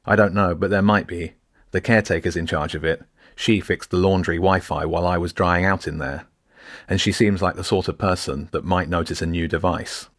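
Curious schoolboy, careful and explaining, low-voiced, read by a man in a dry audiobook. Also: fairly even intonation, a little fast, fairly bright tone, dry recording. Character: teenage schoolboy, curious and cautious.

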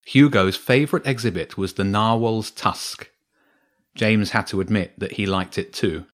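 A man calmly reading a children's story aloud as narrator. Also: lowish voice. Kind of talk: scripted narration.

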